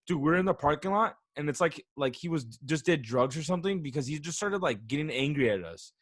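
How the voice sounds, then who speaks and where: A man's voice: fairly high pitch, expressive, fairly quick, dry recording, studio quality. A man in his twenties co-hosting a podcast, telling stories in a rambling casual way, swearing often. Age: 20s. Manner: rambling, swears often, says "dude" and "bro". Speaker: podcast co-host. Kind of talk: casual chat, storytelling.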